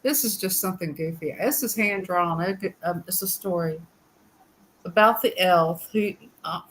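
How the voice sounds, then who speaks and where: A woman guest on a casual livestream chat, soft-spoken and a little hesitant. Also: lowish voice, moderate pace, a little hiss or hum, poor audio. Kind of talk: casual live-stream chat.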